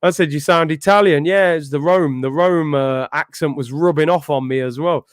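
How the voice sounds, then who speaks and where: A young man with hosting a casual football fan live stream, chatty and animated, answering viewers' messages. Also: on the high side, normal speed, dry recording, studio quality. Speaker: football fan show host.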